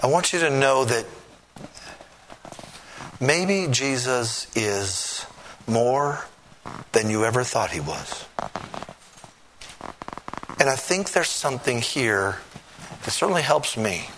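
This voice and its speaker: A male preacher delivering a sermon, dramatic and swinging between hushed and loud passages. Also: medium pitch, big pitch swings, takes it slowly, long pauses, slight background noise.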